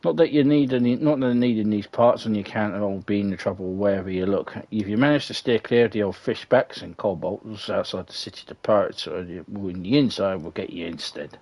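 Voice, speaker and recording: A gruff middle-aged tavern keeper with a put-on Scottish accent, rough-spoken and fond of a curse, as a man plays him. The voice sits low, and the game lines are read aloud in character, stumbling now and then. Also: a little fast, few pauses, a little mellow.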